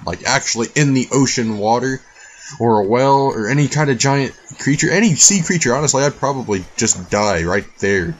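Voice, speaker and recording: A man's voice: lowish voice, a little hiss or hum. A man doing let's-play commentary on a survival game, rambling and easily frustrated, talking to things in the game. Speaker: gaming YouTuber.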